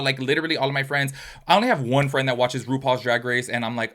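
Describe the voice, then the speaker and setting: A man's voice: mid-range voice, fast talker, pushed and bright. A man giving a casual commentary rant as a YouTube commentator, blunt and profane, with lots of fillers.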